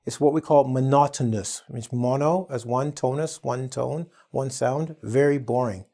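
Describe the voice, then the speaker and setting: A man teaching an English vocabulary lesson in an animated, playful, jokey way. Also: mid-range voice, normal speed, creaky, hardly any pauses. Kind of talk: energetic vocabulary lesson to camera.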